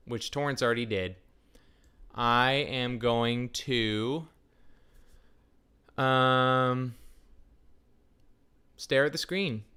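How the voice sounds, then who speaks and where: A man hosting a live stream in a bright, forceful voice, bantering loosely with his chat. He jumps from thought to thought with playful jokes. His delivery is smooth and crisp. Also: medium pitch. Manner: scattered, jokey, talks straight to the chat. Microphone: desk microphone.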